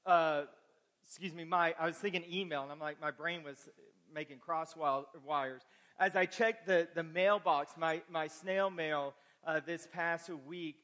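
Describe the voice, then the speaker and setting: Bright-voiced pastor in a reverberant hall. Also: male voice, high voice. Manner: folksy, joking asides to the congregation. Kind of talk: sermon with announcements. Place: church sanctuary.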